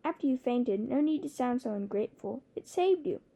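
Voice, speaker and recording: A woman's voice: fairly high pitch, expressive, fairly quick, gravelly, mellow, dull audio. A woman reading the part of a proud, wry young male dragon in an audiobook, teasing and a little haughty. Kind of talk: audiobook character voice.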